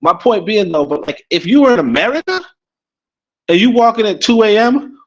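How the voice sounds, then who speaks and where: A man's voice: high voice, big pitch swings, normal speed, muffled recording. A Caribbean-born man co-hosting a casual podcast livestream, rambling, repeating words and chuckling as he talks. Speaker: podcast co-host. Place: abroad in Africa.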